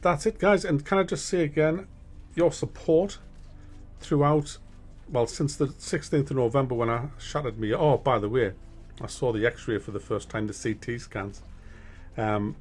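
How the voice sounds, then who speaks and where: A middle-aged man gives viewers a chatty, frank monthly update on his gaming channel, often restarting his sentences. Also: medium pitch.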